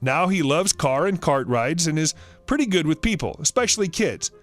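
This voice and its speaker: Man, story narrator, scripted reading, high pitch, very lively intonation. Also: normal speed, soft background music. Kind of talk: scripted narration of online stories.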